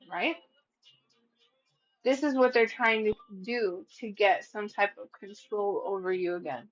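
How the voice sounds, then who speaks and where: A woman's voice: medium pitch, measured pace. A woman doing a casual tarot reading, blunt and profane, acting out what people say and laughing at her own readings. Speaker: tarot reader. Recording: slightly dull lo-fi sound.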